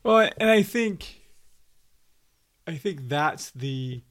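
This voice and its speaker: Man, co-host, reflective commentary, slightly high voice, unhurried. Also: expressive. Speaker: podcast co-host.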